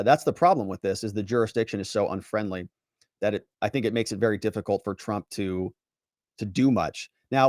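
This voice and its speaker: A lawyer hosting a livestream, talking in a sarcastic, animated way as he reads out chat messages and reacts. His pitch moves a lot, rising and falling freely. The sound is dry and close, with no room echo. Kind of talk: livestream commentary reading chat.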